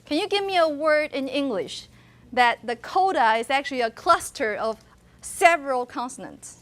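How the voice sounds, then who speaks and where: High-voiced woman lecturing. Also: animated, normal speed, fairly bright tone. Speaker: university linguistics lecturer. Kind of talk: classroom lecture. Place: classroom.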